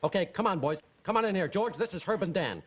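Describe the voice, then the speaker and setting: A man's voice: sits high, expressive, fast, a little hiss or hum. An actor playing a rambling, blustery male baseball team owner who bosses his staff around in a sitcom. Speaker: boss. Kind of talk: sitcom acting.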